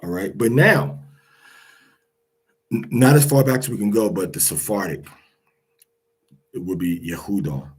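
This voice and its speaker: A man's voice: fairly low pitch, husky, poor audio. A man teaching Hebrew pronunciation in a casual spoken lesson, repeating each word aloud several times. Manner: slow and repetitive, drilling each word aloud with fillers.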